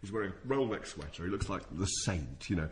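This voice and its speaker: A man's voice: low-pitched, lively intonation, quick pace. A middle-aged man telling a comic anecdote to an audience, laughing through his words and stumbling over restarts. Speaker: storyteller on a talk show. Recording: live audience laughter behind.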